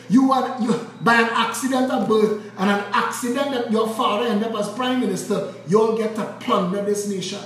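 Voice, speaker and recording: A man's voice: brisk, few pauses, distant mic, slight background noise. Fiery Trinidadian man ranting in echoey room. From Trinidad and Tobago. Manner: fiery, cursing, swings from shouting to low intensity. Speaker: political commentator. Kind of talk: impassioned political rant.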